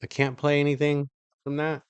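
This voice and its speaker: Rambling sarcastic middle-aged vlog host. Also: male voice, a little high, monotone, moderate pace, clean tone, no echo. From California. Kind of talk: casual commentary reacting to clips.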